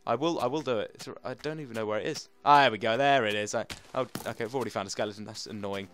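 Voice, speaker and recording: A young man giving casual let's-play commentary, chatting to his pets and himself and jumping into high-pitched shouts. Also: very fast, soft background music. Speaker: gaming channel host.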